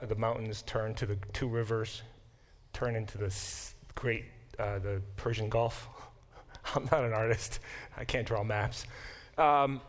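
A man teaching a Bible class as a professor, talking in an animated, self-deprecating way in a classroom, often restarting and adding asides. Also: mid-range voice. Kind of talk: classroom lecture.

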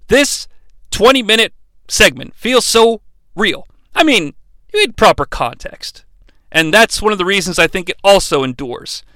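A man's voice: high voice, bright, forceful tone, no echo. A man hosting a podcast, recapping a wrestling match in a chatty, profane, enthusiastic way. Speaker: podcast host.

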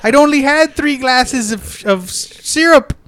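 A man voicing a syrup-guzzling Canadian man with a put-on Canadian accent, telling a rambling, deadpan, absurd story as a podcast comedy bit. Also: very high voice, unhurried, background noise, voice pushed up. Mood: goofy.

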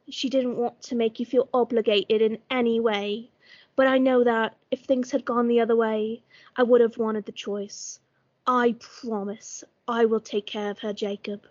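A woman's voice: a little high, a little mellow, no room sound, dull audio. A woman putting on an overdone Cockney-tinged young man. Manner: solemn, would-be fancy delivery. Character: young man writing a formal, earnest note.

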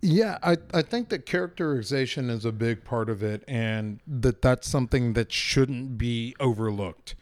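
A man co-hosting a casual podcast, chiming in with short agreements and quick points. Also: mid-range voice. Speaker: podcast co-host.

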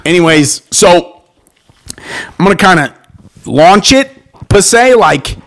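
A man hosting a podcast, joking around and laughing between his lines. His voice is gravelly and swings widely in pitch. He talks slowly and loosely. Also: animated, a bit bright. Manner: joking, playful, laughs often. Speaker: podcast host. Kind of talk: casual chat.

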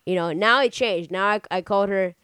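A man's voice: high-pitched, fairly quick, clean tone, no room sound, studio quality. A man from Argentina co-hosting a casual podcast, joking and filling his talk with "like" and "you know.". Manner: animated, joking, many fillers. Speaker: podcast co-host.

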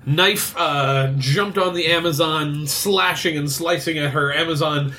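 A man's voice: a little high, unhurried, pushed and bright. A man running a tabletop card game with friends, chatting, laughing often and narrating the action between turns. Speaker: game master.

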